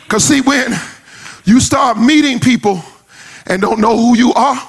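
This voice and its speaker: A man preaching a sermon in a shouting, sing-song cadence, repeating phrases and calling out to the congregation in a folksy way. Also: very high-pitched, a little slow, gravelly. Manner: folksy, repetitive call-outs to the congregation.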